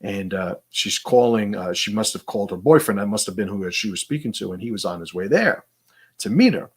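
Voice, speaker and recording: Middle-aged guy rambling casually, kinda husky, lowish voice, lots of you knows. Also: expressive, fairly quick. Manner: rambling, conversational, frequent fillers. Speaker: host. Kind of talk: casual monologue.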